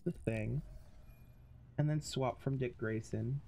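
A game streamer in casual let's-play commentary, reading in-game text aloud and bursting into loud laughter, with casual swearing. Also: mid-range voice, slow pace, creaky, long pauses, soft background music.

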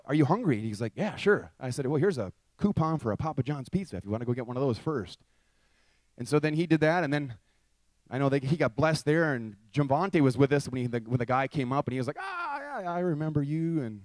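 High-voiced man telling a lively story. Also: no echo. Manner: lively, acts out both sides of conversations. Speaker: minister telling a testimony. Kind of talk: storytelling testimony.

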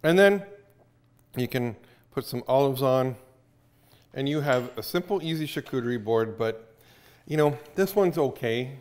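A man's voice: mid-range voice, moderate pace, a little mellow, slight background noise. A man hosting a casual cooking show, chatting upbeat while he cooks in a kitchen.

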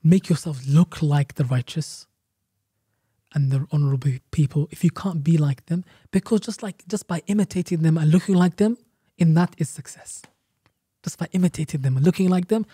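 A man's voice: a little high, normal speed, warm tone, husky, dry recording, studio quality. A man, an Islamic teacher guest on a podcast, explaining a religious story emphatically with rhetorical questions and repeated phrases.

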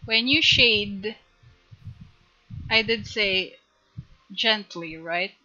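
A woman teaching a live drawing tutorial on stream, chatty and giggly, gently coaching her viewers. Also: mid-range voice, muffled recording.

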